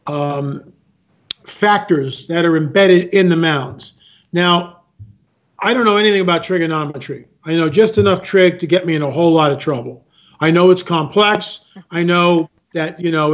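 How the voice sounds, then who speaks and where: A man speaking as a guest, telling stories with emphasis, repeating himself and acting out other people's lines. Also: high-pitched. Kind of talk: animated storytelling talk. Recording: muffled lo-fi sound.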